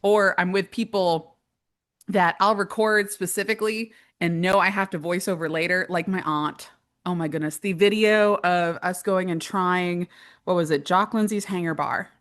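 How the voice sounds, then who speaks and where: A woman guest on a podcast, chatty and animated as she tells stories. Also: on the low side, normal speed. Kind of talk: casual interview.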